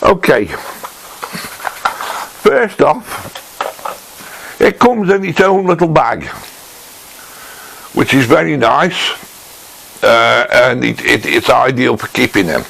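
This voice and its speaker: Slow gravelly man in a workshop. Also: medium pitch, animated, fairly bright tone, a little hiss or hum, low-quality recording. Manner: slow, halting, thinks aloud with restarts. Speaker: woodworking tool reviewer. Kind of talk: casual show-and-tell tool review. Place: home workshop.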